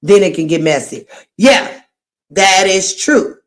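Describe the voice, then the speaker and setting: A woman's voice: mid-range voice, lively intonation, slow. A middle-aged woman hosting a livestream, chatting casually and telling meandering stories in a friendly way. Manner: chatty, warm-hearted, meandering storyteller. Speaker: livestream host.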